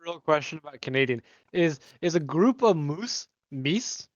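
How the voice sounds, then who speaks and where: A man chatting casually at a tabletop game, cracking jokes and trading banter. His voice sits a little high, and a faint hiss of noise runs under it. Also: animated, moderate pace, lo-fi sound. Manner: joking, playful banter. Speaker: player.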